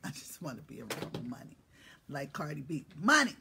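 A woman's voice: extremely low pitch, brisk, gravelly, very noisy. A middle-aged woman hosts a casual morning live stream, teasing, profane and playful, greeting viewers by name. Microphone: phone or webcam live stream.

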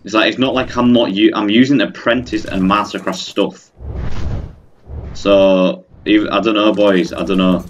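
A man's voice: fairly low pitch, steady tone, moderate pace, a little hiss or hum. A young man commenting on his own gameplay, exasperated and ranting at the game while talking to his viewers. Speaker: gaming channel host. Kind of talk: let's play commentary.

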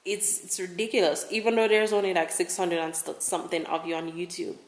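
A woman's voice: lowish voice, a little fast, reverberant. A young woman travel vlogger talking casually to camera in a rambling, effusive way, often repeating her words.

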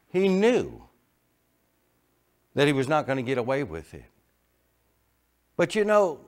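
A middle-aged man preaching a sermon, telling folksy stories and moving between quiet asides and loud emphasis. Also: fairly high pitch. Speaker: pastor. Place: church sanctuary.

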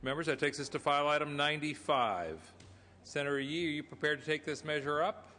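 A man presiding over a senate floor session, running the procedure in brisk, formulaic phrases. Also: a little high, fairly even intonation, sharp tone. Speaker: presiding officer of a state senate. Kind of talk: formal parliamentary procedure. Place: large legislative chamber. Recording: chamber broadcast with long reverb.

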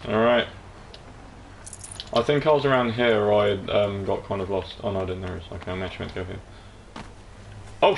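A man's voice: lowish voice, vocal fry, slight background noise. Sweary, rambling English gamer guy. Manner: rambling, jokey, sweary, easily excited. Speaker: let's play streamer. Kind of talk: casual gameplay commentary.

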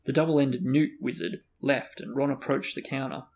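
A man's voice: medium pitch, fairly even intonation, normal speed, vocal fry, darkish tone. A man reading a fantasy novel aloud as host of a book discussion. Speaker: reader and host.

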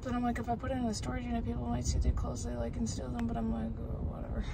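A woman's voice: fairly high pitch, monotone, rapid-fire. A young woman vlogging casually, frank and profane, rambling in exasperation and worn out. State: tired and sweaty. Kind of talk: casual vlog chatter. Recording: phone vlog with clear background noise.

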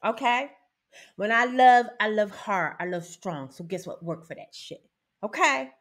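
A woman speaks in a casual, blunt monologue, swearing freely. Her pitch swings widely and she talks slowly and emphatically, often breaking into laughter. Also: lively intonation, a bit bright. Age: 50s. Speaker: host.

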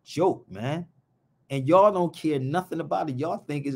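A man's voice: a little high, unhurried, creaky, slightly rough. A man hosting a live show in a casual stream, talking in an impassioned, blunt and rambling way, heavy on slang.

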